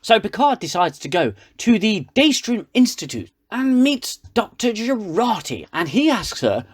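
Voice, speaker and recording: A man's voice: high voice, big pitch swings, a little slow, few pauses. Sarcastic ranting man. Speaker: reviewer. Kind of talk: comedic recap.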